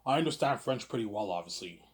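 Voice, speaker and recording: A livestream host from Quebec rambles through a casual monologue while reading viewer questions, stammering into restarts and repeating "obviously" again and again. His voice is lowish, animated and fast.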